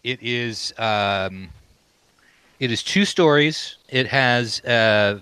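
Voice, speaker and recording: A man narrating as dungeon master, unhurried and full of ums and uhs. His voice is bright and the recording is dry and close. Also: mid-range voice, smooth, no echo, poor audio. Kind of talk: narrating a tabletop game. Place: home game room on camera.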